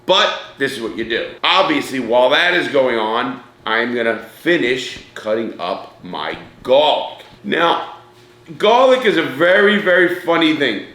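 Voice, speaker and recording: Rich: A middle-aged man runs a casual cooking demo, talking straight to the viewers as "people" and "guys." His voice is bright and forceful. It rings in an echoey room. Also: medium pitch, lively intonation, a little slow. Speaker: cooking show host.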